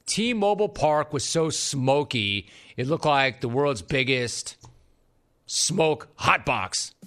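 A man's voice: mid-range voice, slow. Guy doing a sports talk rant in a studio, jokey and sarcastic, lots of energy. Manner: animated, sarcastic, jokey asides. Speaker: sports talk show host. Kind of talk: energetic monologue.

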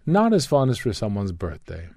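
A man's voice: on the low side, wildly swooping pitch, moderate pace, a little mellow, no room sound. A man hosting a radio food show in casual chat, with a wry, dry sense of humor.

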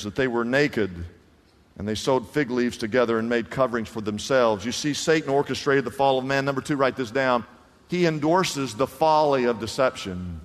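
A man preaching a sermon, swinging between loud, emphatic lines and hushed ones and acting out the voices in the story. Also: mid-range voice. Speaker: pastor. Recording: hall reverb.

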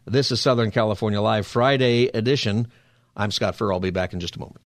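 A man's voice: lowish voice, steady tone, brisk, a little hiss or hum. A male radio talk show host in a studio, chatting with callers and preaching in a conversational, upbeat way. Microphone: studio mic.

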